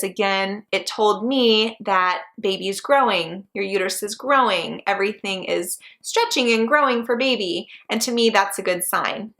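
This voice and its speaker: Bright, bubbly young woman vlogging. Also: mid-range voice. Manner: bubbly and chatty, laughs often. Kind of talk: casual vlog chat.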